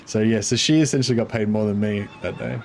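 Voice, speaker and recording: This man, a streamer from Australia, rambles through casual chat on a game livestream, chuckling and reading out messages from chat. He speaks quickly in a lowish, steady, slightly mellow voice with vocal fry, and there's a little hiss or hum.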